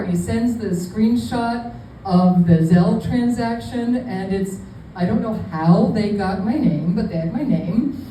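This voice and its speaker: A woman's voice: medium pitch, measured pace, a little hiss or hum. Rambling woman storyteller in echoey venue. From New York City. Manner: rambling, self-deprecating, lively asides. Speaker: comedian. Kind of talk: stand-up storytelling. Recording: echoey venue, mic far off.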